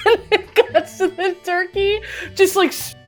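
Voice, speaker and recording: A young woman giving a comedic movie recap, animated and laughing often, swearing as she acts out the characters. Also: very high-pitched. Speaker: commentary host.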